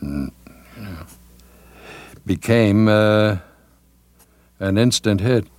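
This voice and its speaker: Older man, veteran announcer, low voice, slow, halting with fillers, dry studio sound. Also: lively intonation, darkish tone, no echo. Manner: halting, many fillers and restarts, drops into announcer voice for quotes. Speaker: television announcer, guest. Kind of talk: reminiscing interview.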